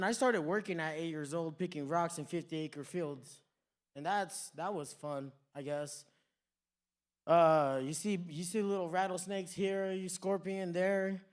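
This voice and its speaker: High-voiced man doing stand-up. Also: a little slow, smooth. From New Mexico, USA. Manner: laid-back storytelling, drops into quoted voices. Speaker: stand-up comedian. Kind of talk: stand-up comedy set. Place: comedy club stage.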